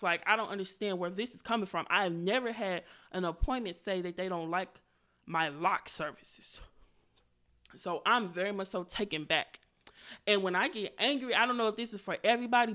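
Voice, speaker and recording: Woman podcaster, bright tone, animated, swearing storyteller. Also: medium pitch. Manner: animated, profane, acts out quotes. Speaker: podcast host. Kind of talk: casual storytelling.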